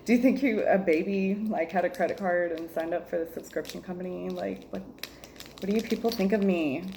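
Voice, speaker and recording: A woman's voice: fairly low pitch, normal speed, vocal fry, darkish tone, slight background noise. A woman reviewing a jewelry subscription in a casual vlog, joking, exasperated, laughing often and calling her viewers y'all.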